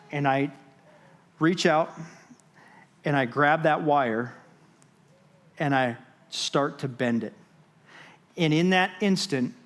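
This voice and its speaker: A man giving a sermon as guest speaker, telling a personal story with dramatic pauses, moving between loud and hushed moments. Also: a little high. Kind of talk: sermon testimony. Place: church stage.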